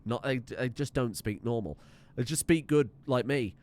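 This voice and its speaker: A man's voice: mid-range voice, moderate pace, a little mellow, no echo. A British man commentating a game playthrough from his desk at home, joking and swearing as he goes. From United Kingdom. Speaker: gaming streamer. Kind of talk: let's play commentary.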